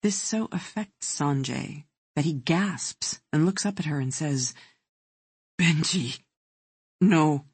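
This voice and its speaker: An audiobook narrator reading a thriller in a measured, even way. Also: medium pitch, breathy edge, no echo.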